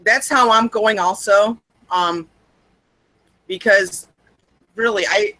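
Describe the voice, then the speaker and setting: A woman's voice: medium pitch, very slow, pauses often, bright, forceful tone, dry recording, rough recording. A young adult woman co-hosting a podcast, chatting casually in a rambling, wry, self-mocking way. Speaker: podcast co-host. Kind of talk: casual chat.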